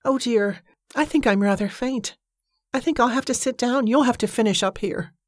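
A woman doing a high-piping ruthless widow. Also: moderate pace, dry recording, clean studio sound, close to an everyday voice. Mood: feigned faintness. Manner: coolly matter-of-fact, falsely helpless.

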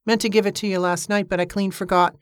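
A narrator putting on a gruff old veteran. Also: mid-range voice, little pitch movement, no echo, clean studio sound, lightly acted. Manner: gruff, quick, grunting. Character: rough old male war veteran, gruff. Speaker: character in an audiobook.

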